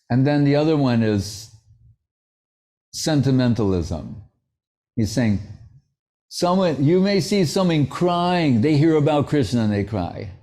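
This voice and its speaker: A man's voice: mid-range voice, dark tone. A man giving a devotional lecture in a conversational, anecdotal way, with playful asides. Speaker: spiritual teacher.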